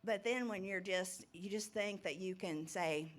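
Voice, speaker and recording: A woman's voice: mid-range voice, unhurried. A middle-aged woman giving an informal, rambling testimony talk at a recovery ministry, nervous and laughing often.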